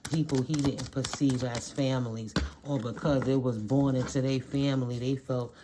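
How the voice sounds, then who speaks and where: A woman's voice: very deep voice, steady tone, normal speed, background noise. A woman talking casually to her audience as a spiritual reader, blunt, profane and emphatic, laughing often. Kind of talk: casual monologue.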